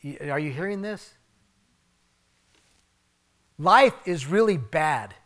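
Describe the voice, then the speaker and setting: Man, pastor, sermon, conversational, slightly high-pitched, emphatic then hushed. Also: animated, takes it slowly, long pauses.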